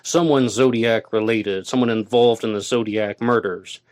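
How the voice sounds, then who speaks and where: A man's voice: lowish voice, fairly even intonation, moderate pace, darkish tone. A man hosting a solo true-crime podcast, reading passages aloud and arguing with them point by point. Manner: argumentative, reads quotes aloud and rebuts them. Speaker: podcast host.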